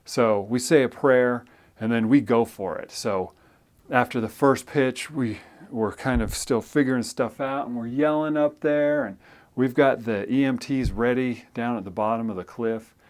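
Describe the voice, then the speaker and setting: A man's voice: mid-range voice, moderate pace. Guy telling a story, chatty, self-deprecating, jumps into different voices for the dialogue, mid-range voice. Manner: animated, acts out dialogue with shifts in voice; self-deprecating, conversational with fillers. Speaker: storyteller and loan officer. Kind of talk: casual spoken storytelling.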